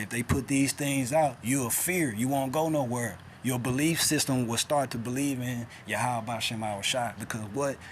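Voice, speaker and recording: A man giving an informal bible teaching in a streetwise, insistent way, often checking in with his listeners. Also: slight background noise. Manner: streetwise, keeps adding "man" and "all right?"; insistent, swings from loud to low. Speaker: scripture teacher.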